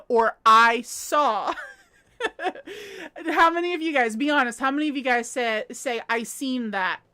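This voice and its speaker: A woman's voice: high voice, a bit bright. A woman chatting casually on a home livestream while crocheting, giggling often and reading viewers' comments aloud. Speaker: livestream host.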